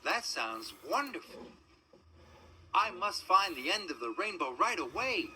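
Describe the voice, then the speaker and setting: A man voicing an eager, impatient young male tank engine who talks in excited, breathless bursts. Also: high voice, measured pace, slight background noise, heavily acted. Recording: music playing underneath.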